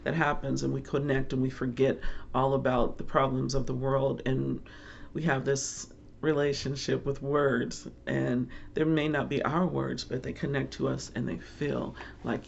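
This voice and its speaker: A middle-aged woman chatting casually as a book vlogger, rambling warmly through her thoughts and laughing along the way. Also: very deep voice, steady tone, moderate pace, gravelly, lo-fi sound, a little hiss or hum. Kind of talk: casual chat.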